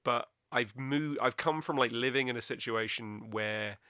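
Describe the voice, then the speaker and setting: A young man with a light West Country accent, chatting loosely as a podcast co-host and rambling with plenty of fillers. His voice is bright and forceful, and the recording is close and dry. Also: medium pitch, moderate pace, clean tone, no echo. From West Country of England. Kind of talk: casual chat.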